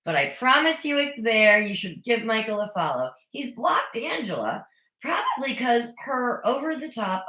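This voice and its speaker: A woman's voice: mid-range voice, pushed and bright, reverberant. A woman recapping a reality show in a casual, chatty way, opinionated with sarcastic asides. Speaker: recap vlogger. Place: home.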